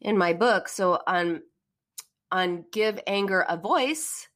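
A woman's voice: mid-range voice, takes it slowly, fairly bright tone. A middle-aged woman hosting a call-in live stream as a therapist, talking in an earnest, encouraging way. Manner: earnest and encouraging, acts out emotional phrases. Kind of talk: casual live-stream advice talk.

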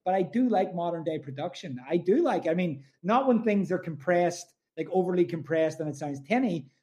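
A man's voice: high-pitched, animated, moderate pace, darkish tone. A man with an Irish accent, a musician guest chatting casually in an interview, rambling with lots of "like" and "you know".

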